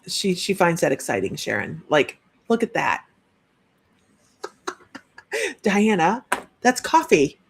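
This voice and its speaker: A woman's voice: lowish voice, huge pitch swings, slow, creaky, pauses often, slight background noise. A woman working as a psychic medium, giving a chatty live-streamed reading and relaying messages with frequent restarts.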